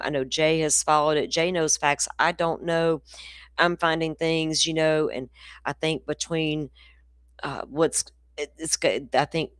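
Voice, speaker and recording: A woman's voice: low-pitched, dry recording, clean studio sound. A middle-aged woman, hosting a casual true crime livestream in a rambling, profane, ranty way.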